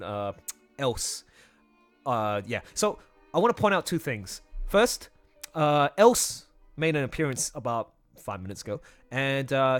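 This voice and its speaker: A man hosting a casual livestream as its video editor, animated and laughing often, with quick restarts. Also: mid-range voice.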